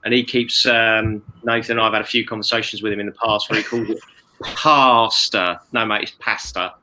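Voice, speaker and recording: A man's voice: on the low side, level tone, fast, sharp tone, a little hiss or hum. A man chatting playfully in a casual group talk, stumbling over restarts. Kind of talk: casual chat.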